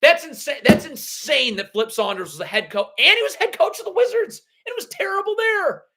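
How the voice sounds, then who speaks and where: A man's voice: extremely high pitch, animated, a little fast, sharp tone. A man hosting a live basketball draft reaction stream, blunt and sarcastic as he rants. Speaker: basketball livestream host.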